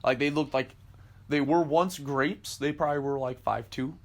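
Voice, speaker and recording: Young guy telling a story, animated. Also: mid-range voice, normal speed. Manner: animated storyteller, acts out quotes, swears, laughs often. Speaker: podcast co-host. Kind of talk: casual storytelling chat.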